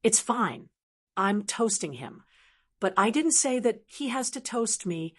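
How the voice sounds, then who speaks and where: A woman reading an audiobook voices a calm, gentle young male cultivator who speaks softly. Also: on the high side, a little slow. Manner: soft, gentle, composed. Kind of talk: audiobook character voice.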